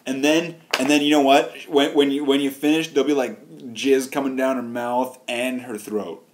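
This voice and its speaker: A man's voice: mid-range voice, steady tone, normal speed. A man talking casually in a loose, meandering way, restarting sentences and riffing on silly wordplay. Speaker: vlogger. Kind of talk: crude comedic rambling.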